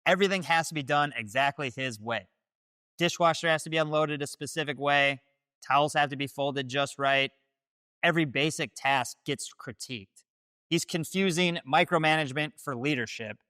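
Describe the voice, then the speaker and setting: A man hosting a scripted dating-advice video, laying out his points in a direct, declarative way. His voice is fairly high and bright, with a dry close sound. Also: moderate pace, dry recording. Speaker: host.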